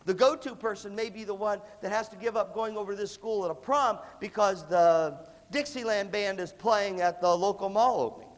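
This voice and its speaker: A man giving an animated motivational leadership talk to music students, emphatic and punchy, with a cough that breaks in now and then. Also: sits high, normal speed, hardly any pauses. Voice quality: lively, emphatic delivery with repeated punchy phrases. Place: large hall with an audience. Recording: long reverb of a large hall.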